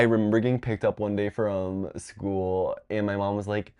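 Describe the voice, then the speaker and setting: Young man with a low voice, rambling. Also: flat delivery, moderate pace, smooth. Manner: rambling, filler-heavy storytelling with lots of "like"; jumps into high, loud voices when quoting people. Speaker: vlogger. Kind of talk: casual storytime monologue.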